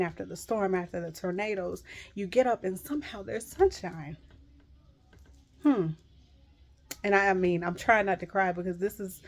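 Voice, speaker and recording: This middle-aged Christian encourager has a mid-range, darkish voice. She gives viewers a heartfelt devotional pep talk, earnest and emphatic, and keeps repeating reassuring phrases.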